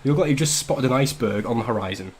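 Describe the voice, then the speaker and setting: Man from northern England, stream host, casual banter, joking and swearing, mid-pitched voice. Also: rapid-fire, a little hiss or hum. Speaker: livestream host. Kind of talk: casual drinking-stream chat.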